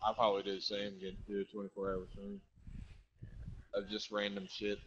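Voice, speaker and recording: A man's voice: lowish voice, completely flat delivery, brisk, highs cut off, over a noisy crowd. A man joking around in casual gaming voice chat over a headset.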